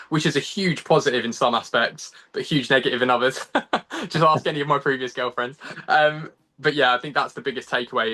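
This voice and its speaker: A chatty young Englishman with a bright, forceful voice, talking as a guest over a video call. He laughs easily, pokes fun at himself, and fills his talk with ums and false starts. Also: mid-range voice. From England. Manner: chatty and self-deprecating, laughs often, lots of ums and restarts. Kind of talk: casual interview chat.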